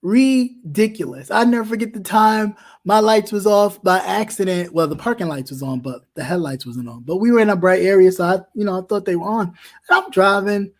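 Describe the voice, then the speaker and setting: A man's voice: sits high, fairly quick. Emphatic man with stumbling restarts. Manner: emphatic, with many repeated restarts. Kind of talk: impassioned talk-show commentary.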